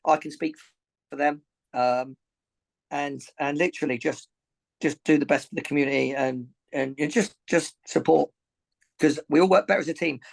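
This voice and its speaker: Man, boxing coach, slightly high voice, earnest, rambling, repeats himself, emotional. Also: fairly even intonation, normal speed, gravelly, low-quality recording. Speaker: boxing coach and gym owner. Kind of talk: emotional podcast interview.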